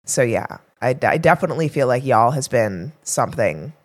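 A woman's voice: rumbling low, animated, brisk. A woman co-hosting a health podcast in casual chat, rambling a little with fillers and restarts. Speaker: podcast co-host, health coach.

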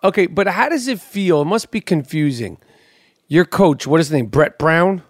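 A man hosting a podcast in casual sports chat, animated, stammering through restarts and swearing freely. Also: a little high, moderate pace, no echo. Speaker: podcast host.

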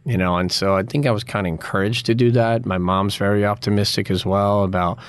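A man's voice: lowish voice, fairly even intonation, clean tone, dry recording. A middle-aged man, a former college soccer player, talking earnestly in an interview and leaning on "you know" as he reflects. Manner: earnest, drawn-out, filler-heavy with frequent "you know".

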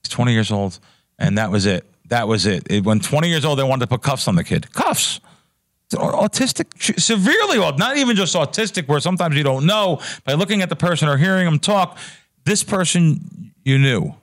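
A man's voice: medium pitch, expressive, brisk. Heated, stammering male podcast guest. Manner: heated, emotional storytelling, stammering restarts. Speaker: professional sports bettor, guest. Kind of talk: casual podcast chat.

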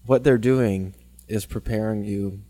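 A man co-hosting a podcast in casual chat, laid back and near monotone, his voice going hoarse from a sinus infection. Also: on the low side, a little slow, dry recording. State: losing his voice, throat clogged. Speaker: podcast co-host.

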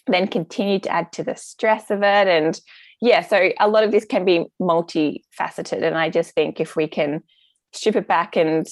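A woman's voice: fairly low pitch, no echo. A woman, a gut health practitioner explaining things in a chatty interview with lots of fillers. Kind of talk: casual interview answers.

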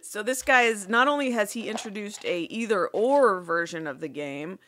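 A woman's voice: mid-range voice, animated, moderate pace, a bit bright, a little hiss or hum. A woman co-hosting a comedy call-in show, riffing playfully with mock announcer calls. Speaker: podcast co-host. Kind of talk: comedic casual chat.

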